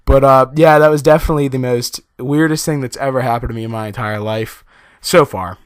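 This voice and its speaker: A man's voice: medium pitch, steady tone, a little fast, clean tone, no echo. Young man telling a story, dry sound. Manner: laid-back, chatty, laughs often, many fillers. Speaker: vlogger. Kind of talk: casual storytelling.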